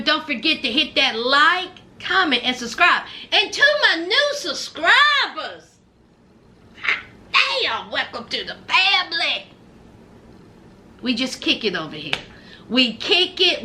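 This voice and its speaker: A woman recaps a reality show at a slow pace, her high-pitched, sharp voice swinging widely in pitch over slight background noise. She chats casually in slang, sassily addressing both the on-screen cast and her viewers as y'all.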